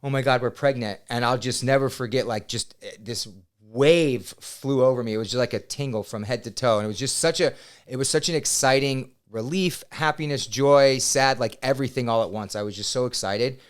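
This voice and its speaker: A man in his thirties, a podcast guest, telling a personal story in a casual, animated way with some swearing. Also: medium pitch, fairly quick, clean tone. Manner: animated, swears, quotes himself loudly. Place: podcast studio.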